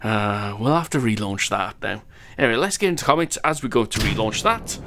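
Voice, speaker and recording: A man's voice: fairly low pitch, animated, a little fast, fairly bright tone. A man hosting a gaming channel, chatting through his gameplay and reading out viewer comments, rambling a little and chuckling at his own jokes.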